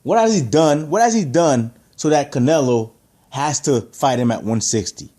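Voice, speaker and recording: A man's voice: a little high, animated, normal speed, dark tone. A man giving an opinionated boxing rant to camera, emphatic and heated, stacking rhetorical questions and repeating his points. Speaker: boxing commentator.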